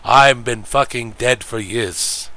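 A man putting on the voice of a smooth, old-school male sports broadcaster, speaking slowly and deliberately. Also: mid-range voice, bright, forceful tone. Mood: mock-formal.

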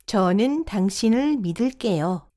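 A woman briskly reading short sentence prompts for a language lesson. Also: mid-range voice, expressive, mellow. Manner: reads each short prompt once, crisply.

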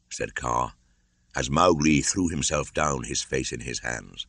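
An older man reading a classic storybook aloud as audiobook narrator, measured and theatrical. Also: rumbling low, a bit bright, no echo. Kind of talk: scripted narration.

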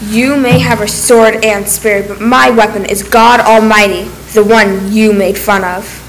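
A woman's voice: mid-range voice, fairly even intonation, a little slow, slight background noise, close to an everyday voice, poor audio. A woman voicing a brave young shepherd boy in a children's church story, bold and determined.

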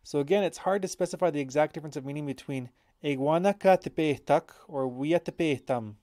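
A man's voice: on the high side, a little fast, mellow, no echo. A man teaching a language lesson, explaining example sentences patiently and correcting himself as he thinks aloud.

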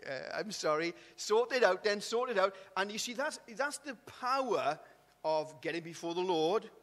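A pastor from Wales gives an expressive sermon at normal speed in a church hall with a big-room sound, his voice sitting high and a bit bright. He talks conversationally, repeats and restarts words, and asks tag questions like "isn't it?".

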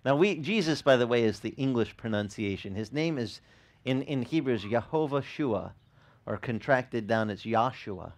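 Male pastor, mid-pitched, chatty animated sermon with audience questions and repeated restarts. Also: normal speed. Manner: animated, asks the congregation questions. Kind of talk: conversational sermon.

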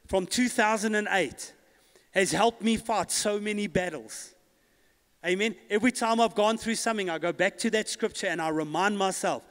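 Give me a high-voiced male pastor preaching in a reverberant church hall, calling out to the congregation and building up to emphatic, ringing lines. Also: normal speed, fairly bright tone. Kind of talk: sermon.

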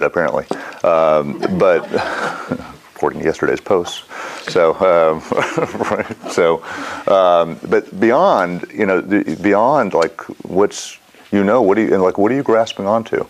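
Low-voiced man teaching, lively and rambling. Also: normal speed. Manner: rambling, animated, asks the class questions. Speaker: mindfulness teacher. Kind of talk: casual classroom talk.

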